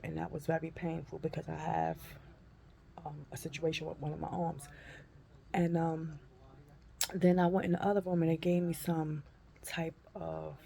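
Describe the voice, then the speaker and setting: A woman in her fifties telling a personal story in a folksy, animated way and calling listeners honey and baby. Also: low voice, gravelly. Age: 50s. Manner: animated, acts out her own cries and shrieks. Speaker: vlogger.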